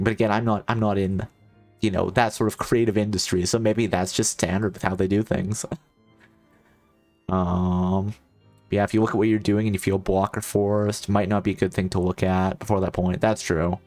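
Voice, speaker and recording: Low-voiced man chatting on a game stream. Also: little pitch movement, moderate pace, a little mellow, soft background music. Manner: rambling, joking asides to chat. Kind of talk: casual let's-play chat.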